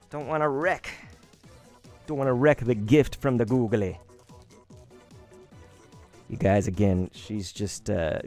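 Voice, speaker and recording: A man in his thirties live-streaming as he opens trading cards, gushing and excitable, often laughing and sighing. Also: mid-range voice.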